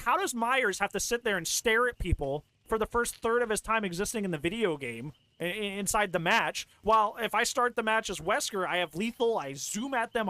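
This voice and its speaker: Animated ranting male streamer, lively pitch. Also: dry recording. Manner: animated, exasperated ranting with filler and restarts. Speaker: streamer reacting to a video. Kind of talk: casual reaction commentary.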